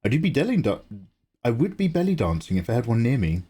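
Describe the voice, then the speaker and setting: This adult livestream artist talks fairly quickly in a dark, husky voice with big swings in pitch. Hosting his drawing stream, he banters casually, teases viewers as he responds to chat, and leaps higher in pitch to say hello to them.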